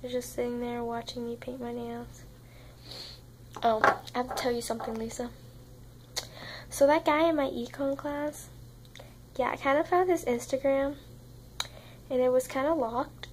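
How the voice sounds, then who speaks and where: A woman's voice: high voice, slight background noise, poor audio. A young woman vlogging in a rambling, casual chat to camera, swearing constantly and sounding tired. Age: young adult.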